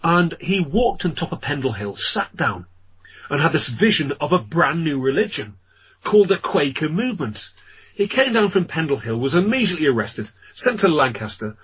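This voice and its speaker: A man's voice: fairly high pitch, big pitch swings, moderate pace, a bit bright, husky. A man with an English accent, a ghost tour guide, telling long rambling stories as a radio guest, with many fillers. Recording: dull lo-fi radio audio.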